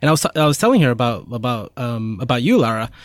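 A man co-hosting a podcast, thinking out loud in casual talk, with many "like" fillers. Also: medium pitch, very animated, fast talker, no room sound, studio quality. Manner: thoughtful, full of "like" fillers. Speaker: podcast co-host. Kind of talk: casual chat.

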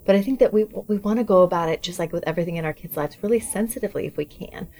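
Woman cohost explaining parenting stuff, lowish voice, lots of "right?". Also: racing, warm tone. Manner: explanatory, frequent "right?" tags. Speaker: parenting podcast co-host. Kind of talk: casual chat.

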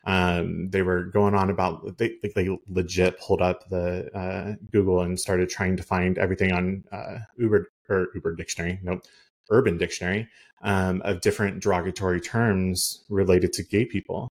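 A man's voice: deep voice, flat delivery, normal speed. A man who works as a realtor, telling a story on a podcast in a rambling, heated way with many "like" and "um" fillers. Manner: heated, indignant.

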